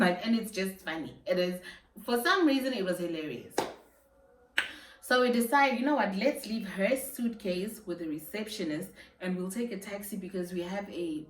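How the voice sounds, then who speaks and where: Animated young Namibian woman telling a story. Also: medium pitch, distant mic, a little hiss or hum. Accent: Namibian English. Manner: animated, laughing, slangy storytelling. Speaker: YouTuber. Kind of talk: storytime vlog. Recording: roomy sound, a bit off-mic.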